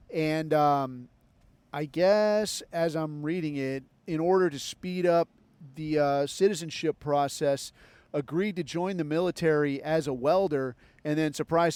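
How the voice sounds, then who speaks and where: A man's voice: sits high, darkish tone, no echo. A male podcast host delivering a heated, profane opinion rant and acting out the lines of people he argues with. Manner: heated, swears constantly, acts out other people's lines.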